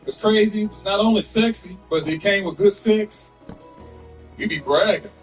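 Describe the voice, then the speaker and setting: A man doing a loud, animated stand-up comedy set and laughing at his own jokes. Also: sits high, moderate pace, distant mic, faint music behind.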